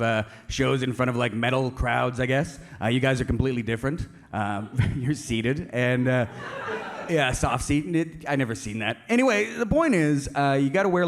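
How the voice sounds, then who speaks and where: Rambling stand-up comedian, mid-pitched man. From Canada. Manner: rambling, full of fillers and restarts. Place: comedy venue with a seated audience.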